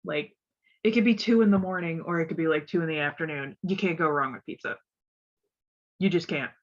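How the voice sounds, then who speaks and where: A woman's voice: low-pitched, a little fast. A woman from West Virginia, stuffed up, chatting casually and rambling on a stream, laughing often. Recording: dull lo-fi audio.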